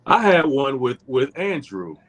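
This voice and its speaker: Lively, animated man telling a story. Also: medium pitch, measured pace. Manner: animated storyteller, laughs often. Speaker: actor guest. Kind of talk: casual podcast interview.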